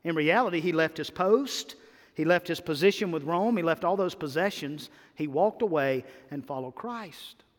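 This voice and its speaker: A man preaching a sermon to a church congregation, swinging between loud emphatic bursts and hushed, drawn-out phrases. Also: on the high side. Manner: animated preaching with sudden loud and soft swings. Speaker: pastor. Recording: long hall reverb.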